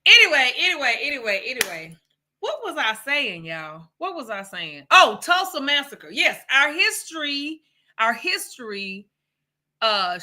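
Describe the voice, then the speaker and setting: A woman's voice: medium pitch, sharp tone. A woman from Texas co-hosting a casual livestream podcast, talking in a rambling way and speaking to viewers. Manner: rambling and conversational, loses her thread and talks to viewers. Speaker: podcast co-host.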